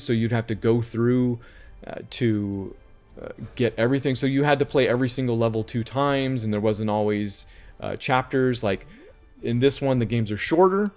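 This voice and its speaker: In a laid-back chat, a male video game podcast host reviews games with a mid-range, slightly mellow voice. He rambles conversationally and keeps correcting himself mid-thought.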